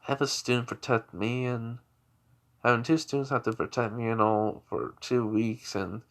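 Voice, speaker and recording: A shy, embarrassed woman hero who speaks quietly and haltingly, as a man puts her on while retelling a story. Her words come soft and hesitant, with many restarts. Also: mid-range voice, fairly even intonation, close to an everyday voice.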